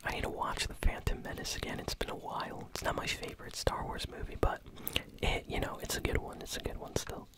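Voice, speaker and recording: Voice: a little fast, few pauses. An ASMR gaming host whispering casual, easily amused gameplay commentary while chewing bubblegum.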